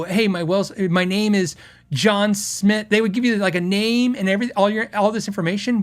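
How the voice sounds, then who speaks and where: A middle-aged man hosting a podcast, telling long stories in a rambling way and acting out the people in them. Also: high-pitched. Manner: rambling with restarts, acts out quoted customers. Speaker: podcast host. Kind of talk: casual storytelling.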